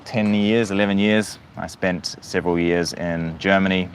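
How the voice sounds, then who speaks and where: A low-voiced man with a light New Zealand accent talks casually to his livestream viewers. He speaks reflectively, with plenty of fillers and restarts, and faint noise hums behind him. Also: fairly even intonation, moderate pace. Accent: New Zealand, softened. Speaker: livestream host.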